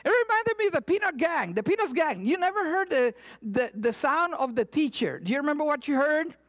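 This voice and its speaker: A woman preaching a sermon, retelling scripture with animated asides and acted-out cries. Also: high voice, brisk. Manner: animated, acts out voices and cries.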